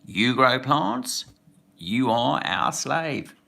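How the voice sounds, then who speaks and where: A man voicing a sneering, bossy male border official in a mock Australian accent, high and exaggerated. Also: very animated, very slow, gravelly, sharp tone, heavily acted. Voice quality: shrill and exaggerated.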